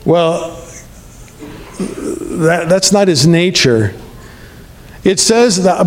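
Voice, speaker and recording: A man's voice: high-pitched, lively intonation, extremely slow, pauses often, long reverb tail. A man preaching a sermon as a pastor, talking in a conversational way and checking in with the congregation often.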